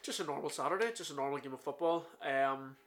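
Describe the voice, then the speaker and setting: Young Northern Irish male host, bright forward voice, playful banter. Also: fairly high pitch, fast talker. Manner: jokey, chatty, tangents with fillers. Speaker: podcast host. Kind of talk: casual chat.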